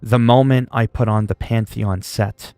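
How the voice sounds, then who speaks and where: A man's voice: lowish voice, steady tone, unhurried, dark tone, no room sound, faint music behind. A man from Canada chatting casually on a gaming livestream, joking and rambling while he answers chat.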